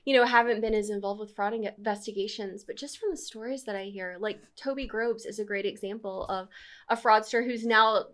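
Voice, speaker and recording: A woman's voice: medium pitch, steady tone, a little fast, a bit bright. A woman with a mid-range voice speaks as a podcast guest. She sounds earnest and openhearted in casual conversation, breaking into light laughter now and then. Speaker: podcast guest, audit manager. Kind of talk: casual interview chat.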